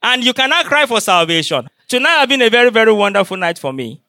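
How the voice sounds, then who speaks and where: A man's voice: sits high, big pitch swings, fast, pushed and bright, no room sound, clean studio sound. A man preaching a sermon to his congregation, throwing rhetorical questions at them and repeating his key phrases.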